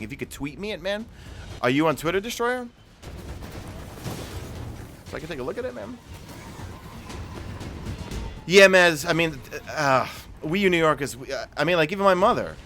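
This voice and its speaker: A man's voice: a little high, very animated, moderate pace, pauses often, pushed and bright, faint music behind. A man with a New York accent streaming a video game live, chatting casually and answering viewer questions while he plays. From New York City. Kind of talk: live gameplay commentary.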